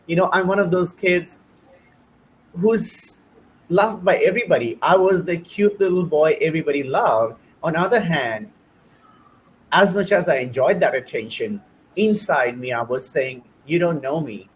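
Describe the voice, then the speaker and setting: A man's voice: fairly high pitch, animated, moderate pace, slight background noise, low-quality recording. Earnest man recounting his own struggles. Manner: earnest and heartfelt, speaking in short searching phrases. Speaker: host. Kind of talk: personal testimony in conversation.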